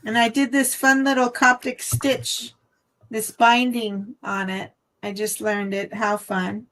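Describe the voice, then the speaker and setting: A woman's voice: little pitch movement, takes it slowly, fairly bright tone, low-quality recording. A woman hosting a casual craft live stream from home, chatty and friendly. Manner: chatty, breaks into high baby talk with her dog. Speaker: craft channel host.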